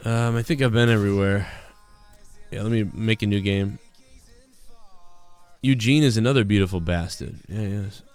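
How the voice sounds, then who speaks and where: A man's voice: on the low side, moderate pace, long pauses, a little mellow, smooth, faint music behind. A man chatting casually on a gaming live stream, rambling and getting heated as he retells an argument.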